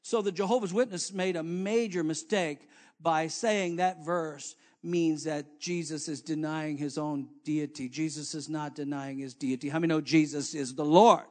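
A man preaching a sermon, dropping to quiet asides and then rising to loud exhortation as he calls on the congregation, with many fillers and restarts. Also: on the high side, fairly even intonation, moderate pace. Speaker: pastor.

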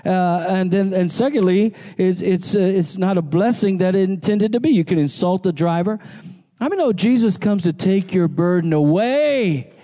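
A male pastor preaching a sermon, quoting scripture and asking the congregation questions with animated delivery. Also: high voice, moderate pace.

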